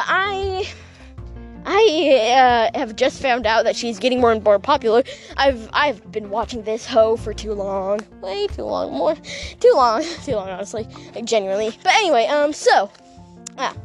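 A young woman rambles through a gossipy storytime vlog, her high voice packed with "like" fillers and quick laughing asides. She talks while walking outdoors, and faint music plays softly behind her. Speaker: vlogger.

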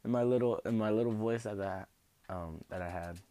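A young man with a low-pitched voice rambles through personal stories, swearing casually and laughing along the way. The sound is dry and close, with no room echo. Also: normal speed, warm tone. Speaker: host. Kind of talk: casual storytelling.

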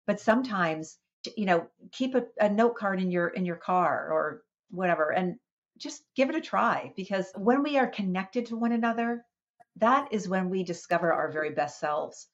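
A woman, a wellness coach, telling a personal story in a podcast interview with lively expression and small restarts. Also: medium pitch, normal speed, dull audio.

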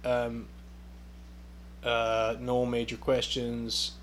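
Man, podcast host, casual rant, sarcastic, profane, rambling, mid-pitched voice. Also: completely flat delivery, drawn-out words, fairly bright tone, a little hiss or hum.

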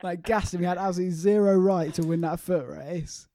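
A young man with a fairly high voice, heard close and dry, ribbing his co-host in casual banter. He laughs easily and cuts in to disagree. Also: fairly even intonation, mellow, no room sound. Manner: teasing, laughs often, quick to disagree. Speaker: podcast co-host.

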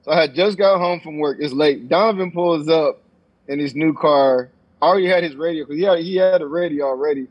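A young man tells a story at a rapid clip in a husky voice, acting out what people said and swearing freely. His voice sits a bit high, and the recording is dull and lo-fi. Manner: animated storytelling, acts out quotes, swears freely. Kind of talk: casual chat. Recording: dull lo-fi sound.

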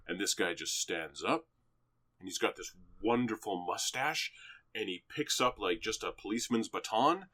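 Man, low voice, very animated delivery, swears freely, casual film recap. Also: moderate pace. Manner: animated, excitable, profane storytelling. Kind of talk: casual chat, retelling a film.

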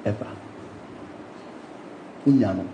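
Laughing Ghanaian preacher in a roomy church. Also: male voice, slow, lo-fi sound, slight background noise. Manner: playful, laughing, mixing English into his preaching. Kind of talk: sermon.

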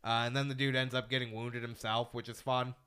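Bright, clear-voiced man telling stories. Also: mid-range voice, brisk. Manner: animated storyteller, swears freely. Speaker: podcast host. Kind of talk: casual podcast chat.

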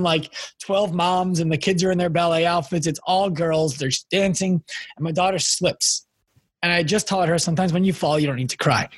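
A man hosting a podcast interview, telling stories in a casual, lively way with quick bursts of speech. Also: sits high, breathy edge, no echo. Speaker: podcast host.

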